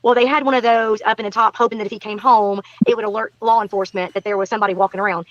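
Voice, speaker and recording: A woman's voice: mid-range voice, racing, lo-fi sound. A woman telling a story in casual talk, acting out what people said and repeating phrases for emphasis. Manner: animated, acts out quotes, repeats herself. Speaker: guest recounting neighborhood encounter.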